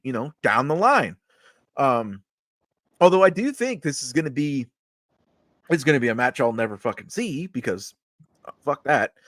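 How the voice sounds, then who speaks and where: Laid-back man with lively intonation. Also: medium pitch, no room sound, studio quality. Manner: laid-back analytical, profane, with filler ums. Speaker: wrestling podcast co-host. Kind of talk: casual chat.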